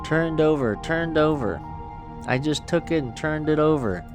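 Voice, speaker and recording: A man's voice: on the high side, unhurried, over music, pitched above the performer's own voice. A man voicing an eerie TV presenter heard through static in a horror game, in a repetitive sing-song manner.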